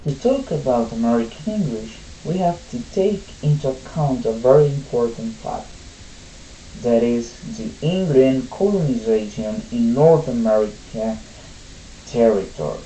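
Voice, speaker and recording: A speaker with a Colombian Spanish accent, a native Spanish speaker, giving a slow, careful class presentation. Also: mid-range voice, animated, warm tone, roomy sound, faint music behind, poor audio. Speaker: student presenter.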